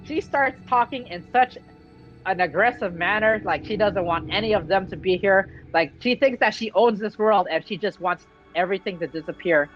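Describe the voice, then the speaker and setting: A vlogger casually recapping a game's story in an excitable, slangy way. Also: medium pitch, moderate pace. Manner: excitable, slangy, acts out character quotes. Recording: dull lo-fi with faint music.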